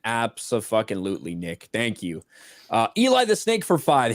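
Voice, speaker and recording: A man's voice: fairly low pitch, wildly swooping pitch, moderate pace, dry recording. A man hosting a casual livestream, reading viewers' donated messages aloud and swearing casually. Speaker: host reading super chats.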